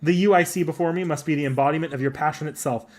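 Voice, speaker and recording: A man's voice: a little high, very fast, lightly acted. A man takes on a dramatic young woman warrior-emperor from a video game. The voice sits raised and showy, swinging between grand indignation and regal command. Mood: theatrical indignation. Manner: theatrical, indignant, flamboyant. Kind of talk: voicing game dialogue aloud.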